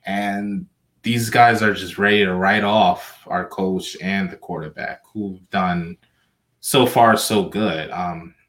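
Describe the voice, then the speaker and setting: A man co-hosting a casual sports podcast, talking in halting bursts with restarts and slightly slurred words. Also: low voice, steady tone, a bit bright. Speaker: podcast co-host.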